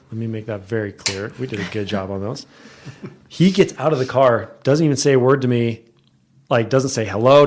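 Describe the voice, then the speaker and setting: A man co-hosting a podcast, casually telling a work story and acting out the people in it. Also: mid-range voice. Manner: animated, acts out quoted people. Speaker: real estate agent, podcast co-host. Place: podcast studio.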